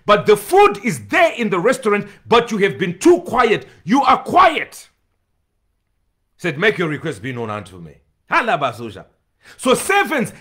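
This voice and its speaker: A man's voice: high voice, fairly bright tone, husky. A man preaching an emphatic sermon, repeating phrases and breaking into bursts of tongues.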